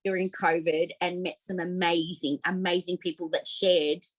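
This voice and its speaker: A middle-aged Australian woman telling her story as a podcast guest, heartfelt and animated, with many fillers. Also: fairly low pitch, normal speed, low-quality recording. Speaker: podcast guest, op shop owner. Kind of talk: casual interview storytelling.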